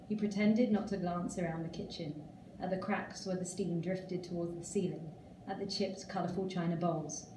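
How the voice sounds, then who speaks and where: Woman reading her own fiction at an event, calm and measured; distant mic in a roomy space with faint ambience. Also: fairly low pitch, background noise. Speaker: author reading her story.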